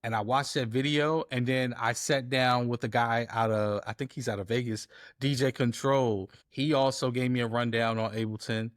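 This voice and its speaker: A guest who works as a DJ and editor tells stories in a casual interview, animatedly acting out the conversations he quotes. His mid-range voice comes at normal speed in studio quality with no echo.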